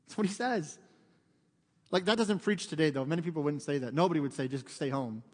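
A man preaching a sermon as pastor, telling stories with dramatic swings from loud to hushed. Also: on the high side, animated, quick pace, big-room sound. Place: church sanctuary.

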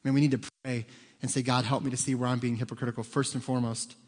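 A man's voice: medium pitch, level tone, fast talker. Earnest man preaching in a reverberant hall. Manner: earnest, pleading, quotes scripture in a heightened tone. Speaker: pastor. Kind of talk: sermon. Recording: long reverb of a large hall.

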